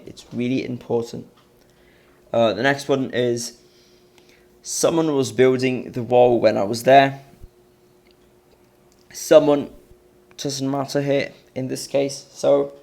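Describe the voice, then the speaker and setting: A man's voice: medium pitch, gravelly, a little mellow. A male English teacher going through grammar exercises step by step in a recorded online revision lesson, with many fillers and restarts.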